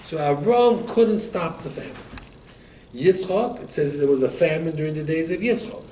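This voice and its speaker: A man teaching a Torah class, telling stories and acting out the quotes with lively rises in his voice. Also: moderate pace. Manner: animated storyteller, acts out quotes with rising pitch. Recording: echoey room, mic at a distance, faint background noise.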